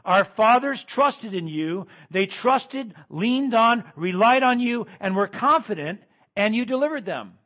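A man preaching a sermon as pastor, swinging between loud emphatic lines and quiet ones. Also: sits high, expressive, unhurried, muffled recording.

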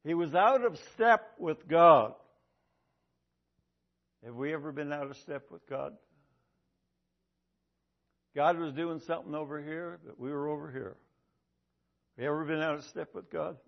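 A man with a high voice preaches an emphatic sermon, driving points home by repeating them. The recording is dull and lo-fi. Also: fairly even intonation, moderate pace, vocal fry, long pauses. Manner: emphatic, repeats key lines for effect. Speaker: pastor.

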